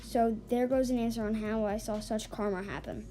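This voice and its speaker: A woman's voice: on the high side, fairly even intonation, normal speed, dark tone. A woman reading an online forum story aloud, with small stumbles and restarts along the way. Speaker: story reader. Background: faint background music.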